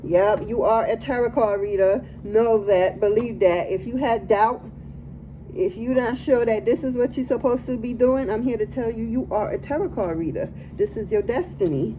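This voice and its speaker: A woman's voice: on the high side, normal speed, warm tone, a little hiss or hum, poor audio. Laughing, slangy woman tarot reader. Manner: laughs often, slangy and playful. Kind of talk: casual tarot reading.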